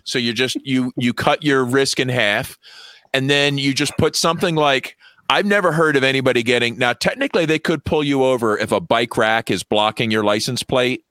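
Bright-voiced man, deadpan chat. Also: mid-range voice, normal speed, dry recording. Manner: dry deadpan humor, mock-serious advice. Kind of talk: casual chat.

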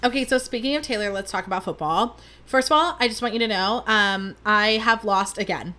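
A woman's voice: medium pitch, fairly quick, sharp tone. A young woman hosting a podcast, talking in a rambling, dramatic and self-mocking way. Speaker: podcast host. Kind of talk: casual chat.

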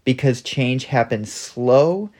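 A man in his thirties co-hosting a podcast, speaking in a reflective, measured and thoughtful way. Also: mid-range voice, lively intonation, a little mellow. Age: 30s. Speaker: podcast co-host. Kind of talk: casual conversation.

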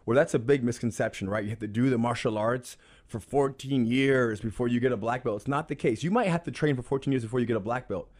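A man's voice: medium pitch, fast talker, a little mellow. A man guest on an interview podcast, a jiu-jitsu instructor, talking in an earnest, explanatory way and repeating phrases for emphasis.

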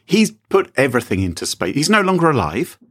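A man's voice: medium pitch, very animated, fairly quick, fairly bright tone, husky. A man co-hosting a podcast in casual chat, playful and teasing as he tells a story. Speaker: podcast co-host.

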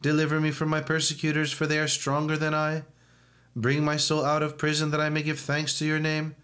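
A man reads the psalms of an evening church service in a level, unvarying monotone. His voice sits a little higher than most men's. The delivery is measured and liturgical, with no rise or fall. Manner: flat monotone recitation, chanting some verses. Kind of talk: liturgical reading and chanting.

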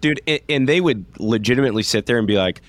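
A man's voice: mid-range voice, fast talker, dry recording. A man co-hosting a podcast, a former walk-on player telling profane, laughing stories in casual chat. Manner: laughing, profane, animated storytelling.

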